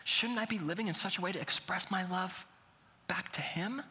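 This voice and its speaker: A male pastor delivers an earnest sermon in a bright, forceful voice that pushes into emphatic peaks. His words ring out with a long reverb, as if spoken in a large hall. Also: high voice, normal speed. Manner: earnest, builds to emphatic preaching.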